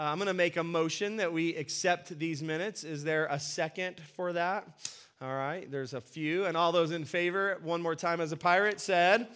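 A man's voice: high voice, pushed and bright, smooth. A man speaking as senior pastor, leading a church business meeting in an upbeat, conversational, celebratory manner.

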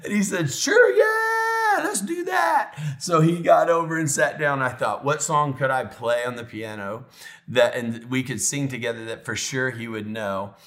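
A middle-aged man preaching as a pastor, telling a personal story with animated, emotional delivery that sinks to soft, tender tones. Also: mid-range voice, normal speed. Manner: emotional, animated storytelling, drops to near whisper when tender. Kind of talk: sermon storytelling.

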